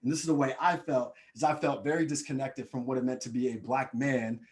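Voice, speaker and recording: A man in his thirties from Nebraska, a motivational speaker giving a webinar talk in lively storytelling fashion, often asking "right?" and calling his listeners y'all. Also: a little fast. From Nebraska, USA. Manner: lively storytelling, acts out quoted people with high excited voices; addresses the audience as y'all, frequent "right?".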